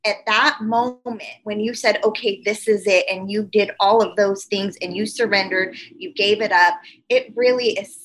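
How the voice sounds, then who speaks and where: A woman podcast host who talks in a gentle, reflective, affirming way. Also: mid-range voice, fairly even intonation, normal speed, low-quality recording. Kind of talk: reflective conversation.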